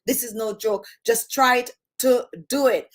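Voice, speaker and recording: High-voiced Jamaican woman chatting to camera. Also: fairly even intonation, measured pace. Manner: repeats phrases for emphasis; drops her H sounds. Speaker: beauty channel host. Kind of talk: casual chat to camera.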